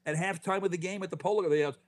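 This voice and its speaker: A man in his fifties, an author telling stories as a podcast guest, animated, with quick restarts and lots of "you know.". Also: sits high. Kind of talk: casual podcast interview.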